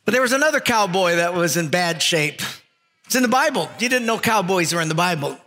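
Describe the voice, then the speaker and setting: A middle-aged male pastor preaching a folksy, animated sermon, telling funny stories and acting out their voices. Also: high voice, brisk. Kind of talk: sermon with storytelling. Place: church hall. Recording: long reverb of a large hall, music faint behind.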